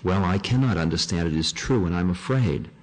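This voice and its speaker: A man's voice: sits low, expressive, fairly quick. A man reading aloud as a jealous husband who pleads anxiously.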